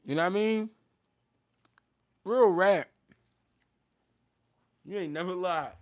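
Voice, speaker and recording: A man hosting a casual boxing live stream, talking loose and unscripted in street slang. His voice sits a touch high for a man. He rambles, laughs often and keeps thanking his viewers. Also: slow pace. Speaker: boxing livestream host.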